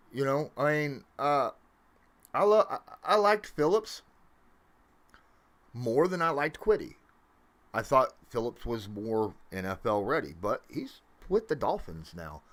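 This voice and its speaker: Speaking on a relaxed home livestream, the male host rambles and leans heavily on filler words, with his pitch and loudness constantly swinging.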